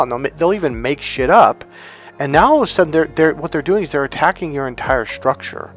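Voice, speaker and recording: A man speaking as a relationship coach in a motivational monologue, emphatic and animated, often acting out other people's voices. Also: fairly high pitch, quick pace, soft background music.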